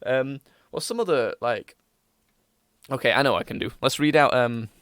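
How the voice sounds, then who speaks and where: A man's voice: medium pitch, lively intonation, normal speed, a bit bright, clean tone, no room sound, clean studio sound. A young man hosting a podcast, rambling casually with lots of fillers and self-mocking asides. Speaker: podcast host. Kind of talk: casual chat.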